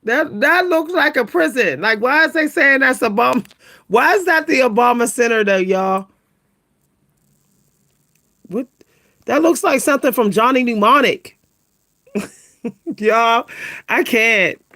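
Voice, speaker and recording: A woman hosting a casual livestream, talking to her viewers, laughing often and exclaiming in a high squeal. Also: slow pace, pauses often. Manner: animated, keeps exclaiming "what?" in a high squeal; laughs between remarks, talks to viewers as "y'all". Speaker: livestream host reacting to pictures.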